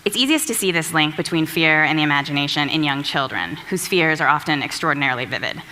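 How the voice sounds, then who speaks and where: A woman's voice: deep voice, animated, quick pace, pushed and bright. A woman from California giving a prepared talk in a reflective, storytelling manner. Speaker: speaker. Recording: long hall reverb.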